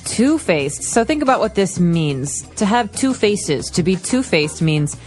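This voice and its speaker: A woman co-hosting an English-learning podcast, explaining words clearly in a casual chat. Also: medium pitch, very animated, measured pace, darkish tone, faint music behind. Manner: clear explaining, puts on voices in examples. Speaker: podcast co-host, English teacher.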